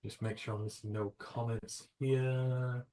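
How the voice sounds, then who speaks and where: British male stream host, loose and rambling, jokey, mid-pitched voice. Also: level tone, a little slow, mellow. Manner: rambling, jokey, swears casually. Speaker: livestream host. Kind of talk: casual live reaction chat.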